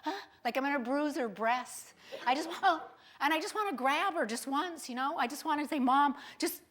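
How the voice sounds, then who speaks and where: High-voiced woman doing stand-up storytelling. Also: normal speed. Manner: animated, mimics family members in quoted voices. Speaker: stand-up comedian.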